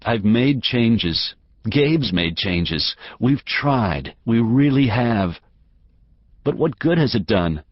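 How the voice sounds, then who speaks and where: A man's voice: low-pitched, steady tone, a little slow, hardly any pauses, dry recording, lo-fi sound. A man voicing a distraught, pleading wife. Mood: despairing prayer. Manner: pleading, strained, near tears. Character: distraught married woman, worn down and pleading.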